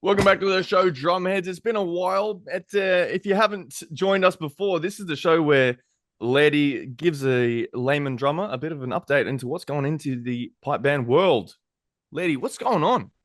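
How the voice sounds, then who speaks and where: A man's voice: fairly high pitch, normal speed, no echo, studio quality. A man hosting a casual podcast chat, easygoing and supportive of his co-host.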